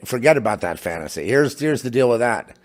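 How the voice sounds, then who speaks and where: A middle-aged man from a home studio, rambling in a casual monologue, halting with many restarts and asides. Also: mid-range voice, expressive. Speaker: podcast host. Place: home in New Mexico.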